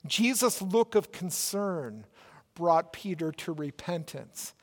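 A male pastor with a Minnesota accent preaching a sermon in a church, earnest and measured, with emphatic rises. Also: high voice, lively intonation. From Minnesota, United States. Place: church sanctuary. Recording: long church reverb.

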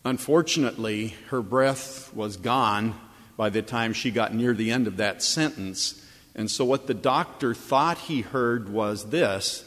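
A man's voice: mid-range voice, a little slow, fairly bright tone. Man, pastor, sermon, storytelling with emphatic repetition, chapel, long hall reverb. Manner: storytelling preacher, rising to emphatic repeated phrases.

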